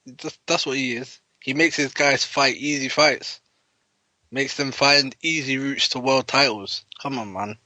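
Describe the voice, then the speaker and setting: A man's voice: medium pitch, fairly even intonation, a little slow, pushed and bright, no echo, poor audio. A man co-hosting a casual podcast chat, blunt and mocking, often laughing. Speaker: podcast co-host.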